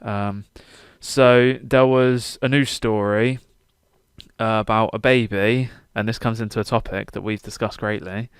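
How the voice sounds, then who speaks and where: Young guy cohosting a podcast, deadpan jokes, bit of swearing, smooth voice. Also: lowish voice, unhurried, no room sound, clean studio sound. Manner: jokey, deadpan setups, swears. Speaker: podcast co-host. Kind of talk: casual banter.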